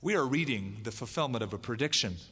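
Bright-voiced preacher in a reverberant hall. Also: male voice, mid-range voice, animated, fast talker, slightly rough. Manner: emphatic preaching with dramatic quoted lines. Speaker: pastor. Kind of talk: sermon.

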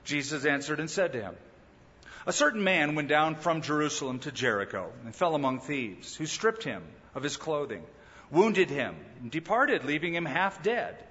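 A male pastor preaching a sermon in a lively way, often acting out the people he quotes. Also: fairly high pitch, normal speed, in a large hall, muffled recording. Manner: animated preaching that acts out quoted speakers.

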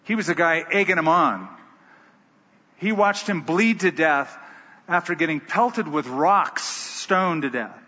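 A man's voice: on the high side, animated, a little slow, bright, forceful tone. A man preaching a sermon who tells stories with emphatic delivery. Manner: storytelling, emphatic. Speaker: pastor. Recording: dull, echoey hall.

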